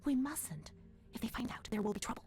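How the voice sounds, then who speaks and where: An actress voicing a troubled young woman who reads old asylum records in a hushed, measured, uneasy way, often dropping to a whisper. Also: on the high side, lively intonation, lightly acted. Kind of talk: hushed game narration. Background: game music.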